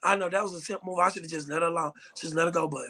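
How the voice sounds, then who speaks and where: A man's voice: a little high, racing. A man co-hosting a podcast, chatting casually and telling stories with lots of swearing and slang. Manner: animated storytelling, swearing, slang-heavy. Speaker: podcast co-host. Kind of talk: casual chat.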